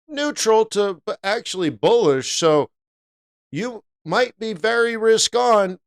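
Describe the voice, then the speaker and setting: A middle-aged man talks through a live trading session in a smooth, resonant voice that sits a little high for a man. He is animated and jokey, often bursting into loud playful bits between his points. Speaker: forex trader hosting a live stream.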